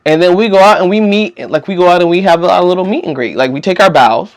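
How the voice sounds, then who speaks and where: A young man, telling a story in a casual, slangy and animated way. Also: sits high, quick pace. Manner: animated, slangy, acts out quotes. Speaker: vlogger.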